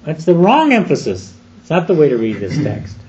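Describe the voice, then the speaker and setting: A man preaching an expository sermon, deliberate and emphatic, slowing down on key phrases. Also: fairly high pitch, wildly swooping pitch, dark tone, muffled recording, a little hiss or hum.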